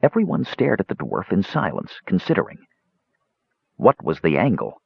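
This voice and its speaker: Male audiobook narrator, low husky voice, lively storytelling, dull dry recording. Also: normal speed, dry recording. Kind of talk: scripted fantasy narration.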